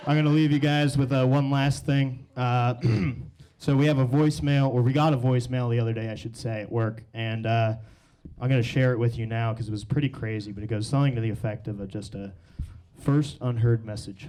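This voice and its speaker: A man's voice: medium pitch, normal speed. Young man doing a stand-up set. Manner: deadpan storytelling, crude punchlines. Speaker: stand-up comedian. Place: comedy stage with live audience.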